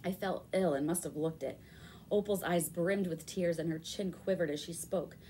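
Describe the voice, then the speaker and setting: A woman reading a children's novel aloud with expressive storytelling. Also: fairly low pitch, normal speed, slight background noise. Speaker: reader.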